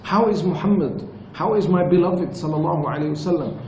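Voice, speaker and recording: A steadfast, grieving woman pleads for news, voiced plainly by a male teacher. His voice is mellow, and the room echoes around it. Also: sits high, fast talker, slight background noise. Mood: pleading. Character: grieving woman asking after her beloved.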